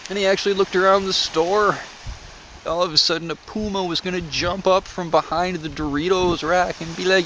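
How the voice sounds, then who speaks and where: A man telling a comic story from his own life in a dry, deadpan way. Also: sits high, a little fast, a little hiss or hum, low-quality recording. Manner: dry, absurd humor. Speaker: vlogger.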